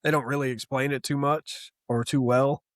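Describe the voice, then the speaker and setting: A young man co-hosting a casual comic book podcast, talking in an animated, profane way and mocking the characters he retells. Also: medium pitch, normal speed, no room sound, studio quality. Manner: animated, profane, mocks characters in quoted asides. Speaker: podcast co-host.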